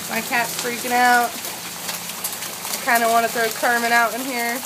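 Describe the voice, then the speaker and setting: A young woman filming a hailstorm on her phone, narrating casually and excitedly, with a lot of swearing and laughter. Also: fairly high pitch, moderate pace. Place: home doorway, hail outside. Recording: loud hail noise behind. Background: hail and rain.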